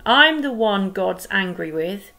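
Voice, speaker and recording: A woman's voice: mid-range voice, lively intonation, takes it slowly, vocal fry, low-quality recording. A woman voicing Jonah, a grumbling, reluctant man who groans and complains, in a told Bible story. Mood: guilty.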